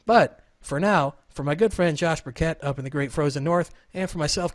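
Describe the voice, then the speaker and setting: With hardly any pauses, a man in his thirties hosts a casual podcast by video call, joking, meandering and knocking himself down a peg. His voice is on the high side, his pace moderate, and there's no room sound.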